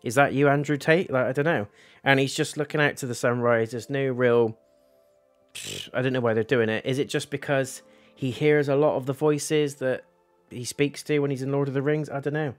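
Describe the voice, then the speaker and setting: A man's voice: mid-range voice, steady tone, moderate pace, faint music behind. A young man giving a casual, rambling review of a TV episode, talking candidly and swearing now and then.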